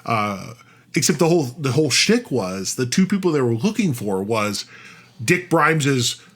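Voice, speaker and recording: A man co-hosting a podcast, retelling a tabletop game session in a rambling, animated way, full of restarts and fillers. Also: medium pitch, moderate pace. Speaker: podcast co-host. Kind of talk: casual storytelling chat.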